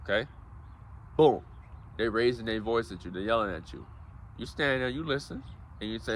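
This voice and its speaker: A man's voice: on the low side, animated, normal speed, pauses often, slight background noise. A man giving a casual, preachy motivational talk, calling his listeners guys and bro. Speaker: self-help speaker.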